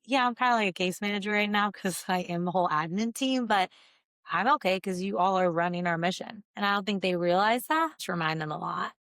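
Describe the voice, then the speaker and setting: A woman's voice: medium pitch, fast talker, no echo, studio quality. A woman interviewed as a guest, an earnest storyteller who acts out what others said. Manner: earnest, animated storyteller acting out quotes. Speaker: guest, nonprofit founder. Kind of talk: casual interview conversation.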